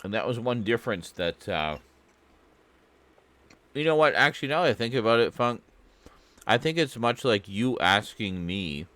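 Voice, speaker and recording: A man's voice: lowish voice, expressive, normal speed, pauses often, bright, forceful tone, no room sound. A Canadian man streaming a game, chatting casually in a rambling, profane, self-mocking way. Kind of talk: casual chat while gaming.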